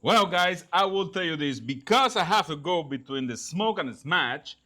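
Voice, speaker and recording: A man's voice: a little high, expressive, moderate pace, sharp tone. A man hosting a casual cooking and tasting video, exclaiming over the food in loose, non-standard grammar. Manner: enthusiastic, exclaiming over flavors. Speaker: cooking show host.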